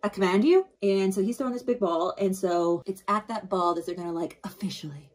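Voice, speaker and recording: A woman's voice: mid-range voice, brisk. A young woman chats through a book recap, loose and casual. She fills her sentences with easy little fillers as she goes. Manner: chatty, lots of fillers. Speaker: book vlogger.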